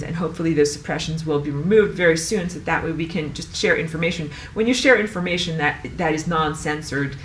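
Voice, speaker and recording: Woman teaching a spiritual class, worked up and exasperated, does little voices for people, echoey room, mic kinda far. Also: deep voice. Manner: animated, exasperated, acts out quoted voices. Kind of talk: casual spoken lesson. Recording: echoey room, mic at a distance, faint background noise.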